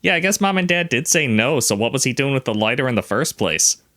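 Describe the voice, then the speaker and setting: Bright-voiced man making wry comments. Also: medium pitch, lively intonation, a little fast. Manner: wry, questioning reactions. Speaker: podcast co-host. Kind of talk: casual chat.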